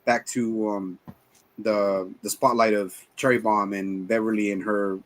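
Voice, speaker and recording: A man's voice: on the low side, little pitch movement, measured pace. Rambling, profane man in his forties. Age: 40s. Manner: rambling, profane, retells scenes in quoted voices. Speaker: podcast co-host. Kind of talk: casual movie review chat.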